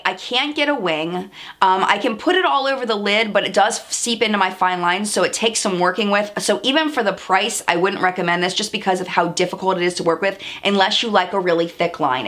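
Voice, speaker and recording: A woman's voice: mid-range voice, a bit bright. A woman vlogger giving a chatty, candid makeup review, stressing her points by repeating words. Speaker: beauty vlogger. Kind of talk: product review vlog.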